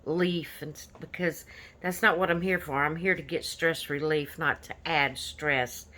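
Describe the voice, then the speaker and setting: A woman's voice: low-pitched, fairly even intonation, measured pace, bright, forceful tone. A woman hosting a coloring channel, chatting casually about her finished pages in an easygoing, rambling way with lots of fillers.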